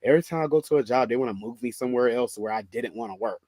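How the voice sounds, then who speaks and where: A man with a Southern US accent telling a story in a casual monologue, animated, sassy and full of profanity. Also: mid-range voice, racing, no room sound. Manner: animated, profane, sassy, calls listener "bitch" and "girl".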